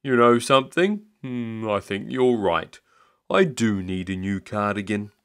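A man reading aloud, voicing an easygoing, stubborn old grandfather who speaks slowly and mildly. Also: lowish voice, fairly bright tone, smooth. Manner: slow, mild, stubborn.

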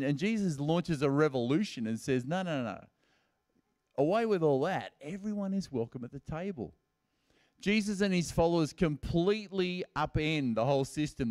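A male pastor preaches in a relaxed, chatty way at a church service and slips into the voices of the people in his stories. His voice sits a little high and sounds smooth and clear. It is close to the mic, with almost no room echo. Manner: casual and storytelling, acting out quoted lines in everyday speech. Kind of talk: conversational sermon.

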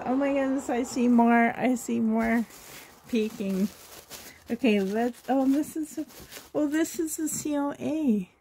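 This woman has a fairly high voice, with background noise behind her. She's a Canadian reborn doll collector vlogging an unboxing, gushing and laughing often, slightly coughing and in tears.

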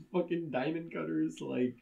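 A man with a slightly high voice riffing crudely on a slasher movie in casual podcast banter. He swears freely and breaks into laughter often. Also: vocal fry, lo-fi sound, background noise. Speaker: podcast co-host.

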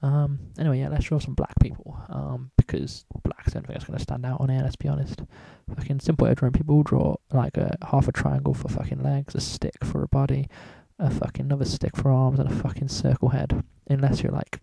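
A man's voice: medium pitch, monotone, fairly quick, vocal fry, few pauses, mellow. A man talking casually through a drawing tutorial, rambling and swearing in almost every sentence. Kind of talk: casual screen-recorded tutorial.

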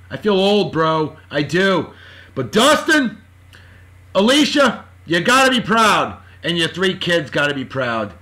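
A boisterous man hosting a casual vlog, giving shout-outs in rowdy slang and swinging between yelling and muttering. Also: sits high.

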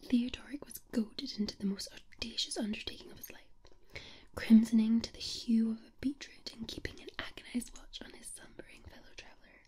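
Softly whispering Scottish woman storyteller. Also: on the high side. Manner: slow, soft, unvoiced whisper. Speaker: ASMR storyteller. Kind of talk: whispered ASMR story reading.

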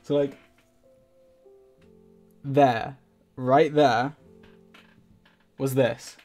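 A man's voice: medium pitch, fairly even intonation, very slow, darkish tone. A man live-streaming a game, chatting in a scattered way, laughing often and thanking viewers. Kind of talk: casual live-stream chat while gaming. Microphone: desk microphone. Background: faint game music.

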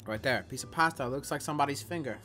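Bright-voiced young man vlogging a food taste test. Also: medium pitch, racing, faint music behind. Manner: animated, exaggerated reactions, slangy. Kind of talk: casual food review vlog. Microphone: camera or phone.

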